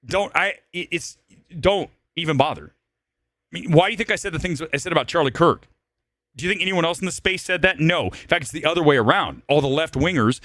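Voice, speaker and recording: A man's voice: on the high side, expressive, fairly quick, pushed and bright, no echo. A man hosting a live movie talk stream, delivering a blunt, emphatic rant that circles back to repeat his points. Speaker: host. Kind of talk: livestream commentary rant.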